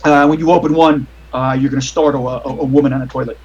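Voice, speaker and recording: A man's voice: medium pitch, fairly even intonation, fast, darkish tone, slightly rough, dull audio. A man running a tabletop game over a voice call, narrating with lots of ums, uhs and restarts. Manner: rambling, with many fillers and restarts. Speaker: game master.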